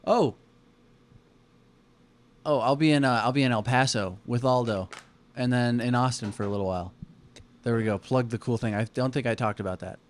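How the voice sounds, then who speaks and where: A man's voice: medium pitch, moderate pace, pauses often, a little hiss or hum. A man who does stand-up comedy, co-hosting a casual podcast with laid-back teasing banter. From Arizona.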